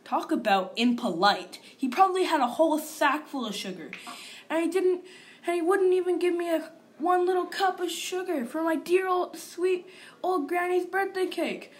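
In a very high-pitched voice at normal speed, a woman reads as a male wolf narrator. He is sly and self-pitying, telling his side of the story as if confiding a grievance.

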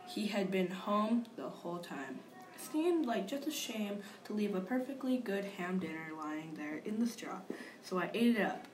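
With a mid-range, animated voice at a normal pace, a woman reads as a male wolf who tells his own side of the story, sounding aggrieved and confidential. The wolf is sly and full of self-pity, the acting is light, and a little hiss or hum can be heard.

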